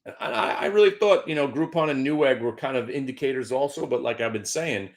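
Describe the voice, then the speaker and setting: A man's voice: mid-range voice, fairly quick. A middle-aged man hosting a stock trading show, giving casual, joking market commentary with mock-emotional outbursts and stumbling repeats.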